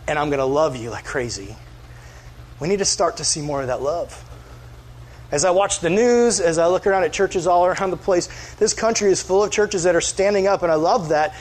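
A male pastor, preaching in an earnest, conversational way and acting out quoted voices. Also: high voice. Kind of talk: sermon.

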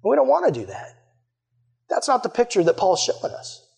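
Earnest high-voiced youth preacher, a man. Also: huge pitch swings, normal speed, gravelly, a little mellow, breathy edge. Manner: earnest, conversational, with many fillers. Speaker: youth pastor. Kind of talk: sermon.

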